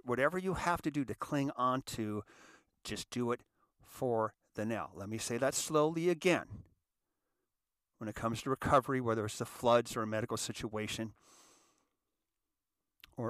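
A man's voice: mid-range voice, fairly bright tone, no room sound, studio quality. A middle-aged man, host of his own show, telling a reflective personal story in a conversational way and acting out the quotes. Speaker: podcast host.

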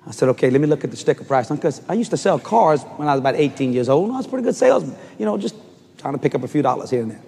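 An older preacher spins a story from the pulpit. His husky voice sits high and leaps around as he acts out each person's lines, rising to shouts at the climax. It rings out with long reverb across a large hall. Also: sing-song, very fast. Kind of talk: storytelling sermon.

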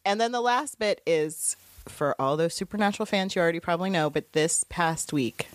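A woman co-hosting a podcast in casual chat, animated and laughing often, on a close mic. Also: on the low side, a little fast. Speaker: podcast co-host.

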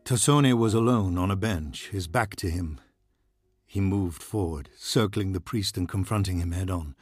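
A man narrates a novel in a measured, dramatic way. His voice sits low with a husky edge, recorded dry and close. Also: no room sound, faint music behind. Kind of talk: audiobook reading.

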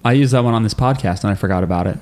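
A man's voice: on the low side, very fast, darkish tone. A man hosting a podcast, chatting casually and joking with his co-hosts. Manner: joking, breaks into humming riffs. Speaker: podcast host.

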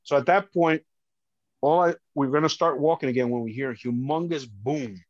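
A man's voice: mid-range voice, normal speed, no room sound, lo-fi sound. Earnest man retelling a harrowing memory. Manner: earnest and animated, acting out dialogue with fillers. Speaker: podcast guest. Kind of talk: emotional personal storytelling.

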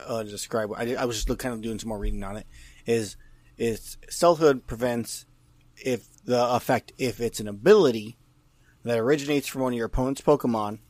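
A man's voice: mid-range voice, a little mellow, dry recording. Teasing man with a dry, close voice. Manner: teasing, explanatory. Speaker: podcast co-host. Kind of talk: casual chat about trading cards.

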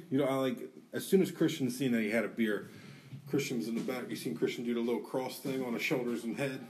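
Animated, profane man telling a story. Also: medium pitch, quick pace, distant mic. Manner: animated, profane, acts out quotes. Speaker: podcast co-host. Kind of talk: casual storytelling.

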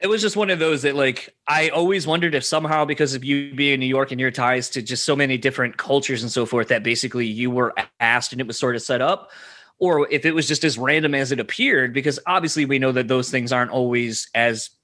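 A man hosting a casual interview, curious and quick to laugh. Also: mid-range voice, pushed and bright. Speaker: podcast host.

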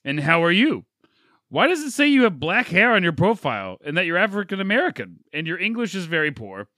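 A man's voice: high-pitched, sing-song, fairly quick, pushed and bright, dry recording. A man in his thirties co-hosting a casual podcast, insistent and exasperated, laughing often. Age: 30s. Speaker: podcast co-host.

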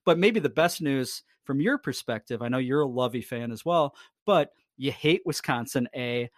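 A man in his thirties rambles through casual sports talk on a podcast, swearing freely and poking fun at himself. His voice sits at an ordinary middle pitch. The sound is close and dry, with no room in it. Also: lively intonation, normal speed, no room sound. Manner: rambling, profane, self-deprecating jokes. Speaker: podcast co-host.

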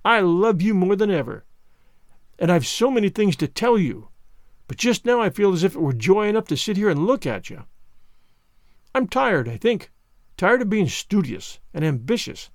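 A man's voice: high-pitched, no echo, clean studio sound. A man voicing an eager, dramatic teenage girl student, talking earnestly and effusively. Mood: joyful. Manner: earnest, effusive, quick when excited.

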